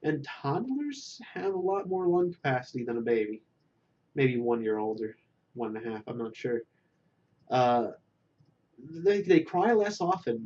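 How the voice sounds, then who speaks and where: A man's voice: medium pitch, a little mellow, lo-fi sound. Man rambling through a comic monologue. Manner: meandering, self-deprecating, lots of fillers and restarts. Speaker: vlogger.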